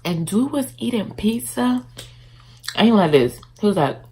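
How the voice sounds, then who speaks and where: A woman's voice: medium pitch, animated, normal speed, warm tone, slight background noise, low-quality recording. A woman chatting casually in a mukbang vlog at home, talking while she eats. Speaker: vlogger. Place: indoors at home, in her bedroom.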